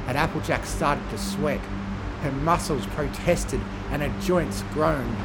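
A man reading a horror fan fiction story aloud with measured, dramatic storytelling. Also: a little high, noisy background.

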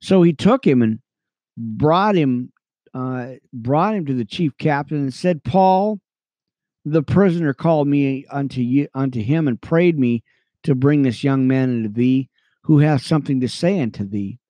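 A man teaching the Bible on radio, reading verses aloud between excited, chatty asides to his listeners. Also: medium pitch, unhurried, no room sound. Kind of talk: reading scripture with commentary.

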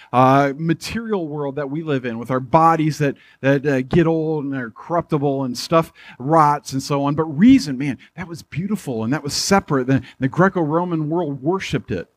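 A male pastor giving a church sermon in a conversational way, slowing down to stress key phrases. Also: a little high.

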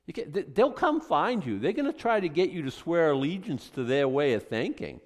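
Lively male pastor preaching in a hall. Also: fairly high pitch, moderate pace, pauses often. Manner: animated, chatty preaching with rhetorical questions. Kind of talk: conversational sermon. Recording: long reverb from a hall.

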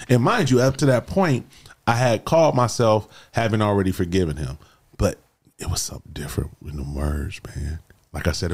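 A man with a very low, deep voice shares a personal story in a relaxed, animated way. He talks casually and keeps calling the listener "bro." His tone is heartfelt and conversational. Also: slightly rough. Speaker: guest sharing his life story.

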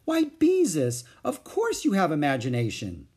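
A gentle, encouraging woman art teacher, put on by a man reading a storybook. Her voice sits higher than his own and keeps a husky, soft texture. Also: wildly swooping pitch, measured pace, exaggerated voice.

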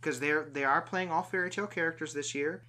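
Bright-voiced man recapping a film. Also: fairly high pitch, fast. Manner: animated storyteller, acts out quotes. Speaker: podcast host. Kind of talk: casual movie recap chat.

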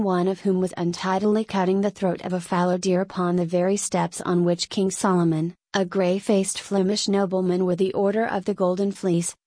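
A woman reading a story aloud in a measured, unhurried scripted narration. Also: mid-range voice, mellow, dry recording, studio quality. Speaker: audiobook reader.

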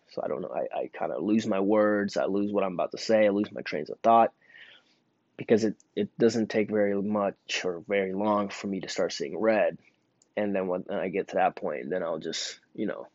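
Low-voiced young man telling a rambling story. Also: darkish tone, dry recording. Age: young adult. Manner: rambling, many fillers and restarts. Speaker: store employee telling a story. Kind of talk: casual storytelling monologue. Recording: dull lo-fi dry recording.

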